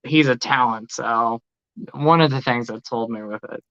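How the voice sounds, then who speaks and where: A man's voice: medium pitch, fairly bright tone, clear, resonant tone. A man co-hosting a podcast, talking with enthusiasm in a casual chat. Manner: enthusiastic, quick to praise. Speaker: podcast co-host. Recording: slightly dull lo-fi audio.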